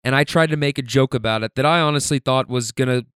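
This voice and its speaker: A man in his thirties speaks in a candid personal monologue, swearing freely and stumbling into repeated words when emphatic. His voice is smooth and resonant, at a middling pitch. It is recorded close up in a dry space. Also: fairly bright tone, dry recording. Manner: emphatic, profane, halting repetitions.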